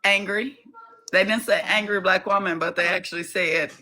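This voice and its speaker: A woman's voice: medium pitch, steady tone, normal speed, pushed and bright, rough recording. A woman coach, telling a personal story in casual conversation with fillers. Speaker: coach and guest.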